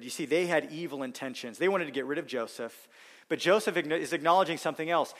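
A man's voice: a little high, fast talker, fairly bright tone. A middle-aged male pastor preaching a sermon in an earnest manner, pressing hard on key phrases. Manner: earnest, rising to emphatic stress on key phrases.

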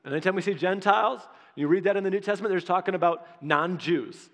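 A pastor preaching a sermon in an animated, conversational way, acting out quotes as he goes. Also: sits high, fast talker. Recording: long hall reverb.

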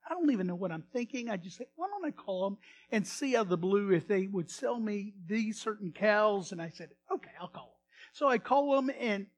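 A male pastor telling a story in a sermon, animated, swinging from loud bursts to hushed retelling. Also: high voice, a little fast, slight background noise.

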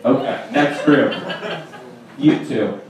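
A man's voice: mid-range voice, slow pace. A young man doing a wry, self-deprecating stand-up set with crowd work on a live stage. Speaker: stand-up comedian guest. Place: comedy stage, live audience. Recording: roomy live venue with crowd from mic distance. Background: audience laughter.

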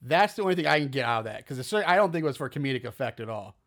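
A man's voice: mid-range voice, sing-song, very fast, fairly bright tone. A man co-hosting a podcast, rambling through crude, laughing asides about a horror movie. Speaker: podcast co-host. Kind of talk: casual profane movie discussion.

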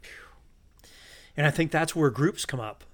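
A man's voice: on the high side, normal speed. A middle-aged man, a podcast guest, speaking in a reflective, philosophical way and thinking aloud. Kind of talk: casual conversation.

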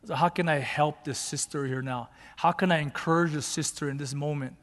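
A man's voice: on the high side, fairly even intonation, brisk, fairly bright tone. A male pastor telling a personal story in a sermon, conversational and rising to fervent emphasis, with Japanese phrases mixed in. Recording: long hall reverb.

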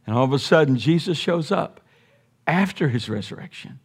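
High-voiced emphatic man preaching. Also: lively intonation, normal speed, husky. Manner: emphatic, folksy, with joking asides. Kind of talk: sermon.

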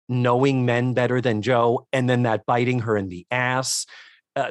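A podcast co-host with a medium-pitched voice chats his way through a sitcom episode recap, animatedly performing the characters' dialogue in assumed voices. The audio is dry and of studio quality.

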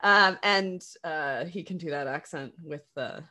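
A woman with a low-pitched voice talks through a stage production in relaxed conversation. She is animated, laughs often and circles back with fillers and restarts as she thinks aloud. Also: a little slow. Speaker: theater practitioner discussing a production. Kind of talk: casual conversation about a play.

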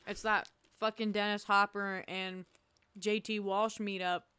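A woman's voice: medium pitch, little pitch movement, unhurried, pushed and bright, clean tone, no room sound. A young woman co-hosting a podcast, casually chiming in on a movie recap with blunt, profane remarks. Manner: interjecting, blunt, swears a lot. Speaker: podcast co-host.

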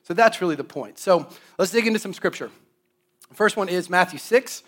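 Animated man preaching on money. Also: sits high, fairly quick. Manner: animated storytelling, playful asides. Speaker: guest preacher on finances. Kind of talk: sermon.

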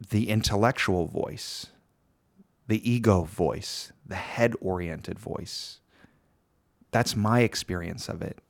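A man hosting a reflective solo podcast, talking earnestly and repeating phrases for emphasis. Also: on the low side. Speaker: podcast host.

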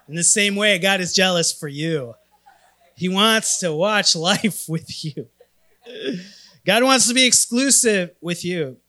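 A man from Minnesota in his thirties preaching a sermon, telling stories with animated, emphatic swings in loudness. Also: high-pitched, measured pace. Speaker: pastor.

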